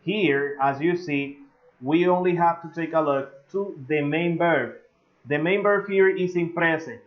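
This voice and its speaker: In a slightly dull, lo-fi recording, a man with Spanish as his first language teaches English grammar online in a voice a little on the high side. He speaks slowly with plenty of "eh" fillers and draws out his example sentences.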